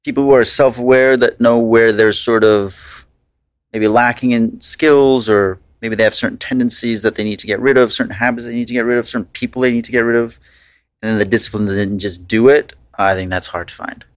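A man's voice: medium pitch, steady tone, a little fast, no room sound. Man guest from Long Island, laid-back, dry humor, dead dry close mic. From Long Island, New York. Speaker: podcast guest. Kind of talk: casual chat.

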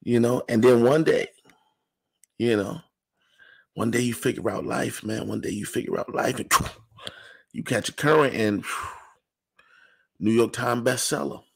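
Deep husky guy rambling on a stream, lots of you know, dry close sound. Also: unhurried, long pauses, no room sound. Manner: loose rambling with many "you know"s, drops to whispers. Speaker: livestream speaker. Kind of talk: casual inspirational talk.

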